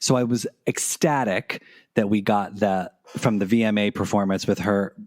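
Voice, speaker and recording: An American man co-hosting a podcast, chatting casually and telling stories with lively excitement. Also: fairly low pitch, moderate pace. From United States. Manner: animated, excited storyteller. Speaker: podcast co-host. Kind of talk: casual chat.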